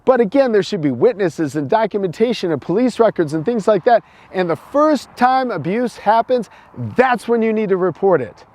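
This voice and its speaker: A man's voice: high-pitched, expressive, normal speed, a little mellow. A middle-aged man from the United States, giving a preachy opinion monologue full of restarts and repeated words. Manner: repetitive, preachy, stumbling restarts.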